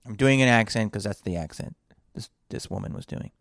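A man's voice: on the low side, a little fast, creaky, fairly bright tone, dry recording, clean studio sound. A man hosting a solo podcast from a hotel room, telling a rambling story with lots of swearing and sighing. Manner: profane, sighing, digressive. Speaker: podcast host.

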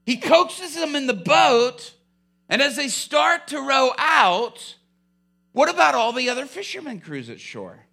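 A man preaching a sermon, retelling a story in an animated way and acting out the scenes. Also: extremely high pitch, a little slow, vocal fry.

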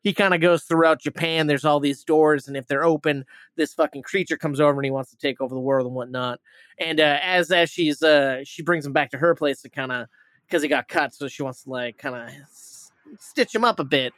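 A man's voice: a little high, fairly quick, fairly bright tone, no echo. A man hosting a movie review podcast, retelling a plot in a rambling, casual way, full of fillers, restarts and swearing.

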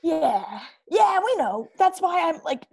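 A woman's voice: extremely high pitch, big pitch swings, takes it slowly, gravelly, a little mellow, exaggerated voice. A woman playing a brash, slangy teenage boy who breakdances and pranks, in an improv comedy interview. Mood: boastful. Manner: slangy, boastful, calls people bro.

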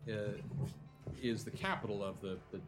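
A man narrating a tabletop game as game master, with animated narration that turns halting and full of fillers when he improvises. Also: lowish voice, music in the background.

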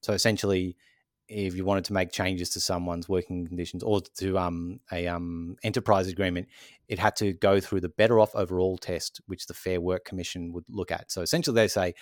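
A man co-hosting a podcast, calmly explaining things step by step with many "so essentially" fillers. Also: sits low, fairly quick, no room sound, studio quality. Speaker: podcast co-host. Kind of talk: casual explanatory chat.

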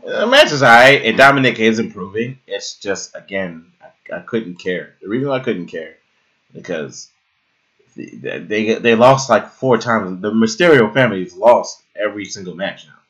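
A man's voice: lowish voice, moderate pace. A young man co-hosting a casual podcast chat, swearing and joking with friends. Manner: animated, swearing, jokey impressions. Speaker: podcast co-host.

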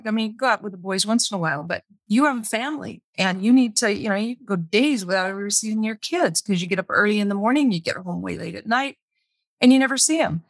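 In clean studio sound with no room tone, a medium-pitched woman speaks frankly about her life on a podcast. She keeps her words simple and circles back to repeat phrases for emphasis.

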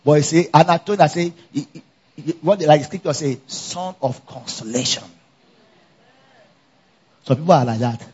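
At a church conference, a pastor with a high, slightly husky voice delivers an energetic sermon full of call-and-response. Speaking at normal speed with frequent pauses, he keeps throwing questions to the congregation and supplying the answers himself. The recording sounds dull and lo-fi.

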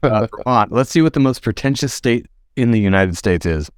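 A man's voice: mid-range voice, expressive, brisk, smooth, no echo, clean studio sound. A man hosting a casual podcast, reading out odd laws and riffing on them with casual swearing. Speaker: podcast host.

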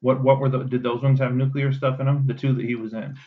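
A man's voice: medium pitch, little pitch movement, fast talker. A man co-hosting a podcast in casual chat, rambling and swearing freely with many restarts. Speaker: podcast co-host. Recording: dull lo-fi sound.

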